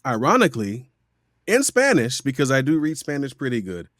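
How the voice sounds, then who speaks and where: Brief: middle-aged male voice actor guest, animated storyteller, mid pitch, dry close sound. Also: a little fast, no room sound. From Miami, USA. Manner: animated storyteller who acts out quoted voices. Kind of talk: casual interview storytelling.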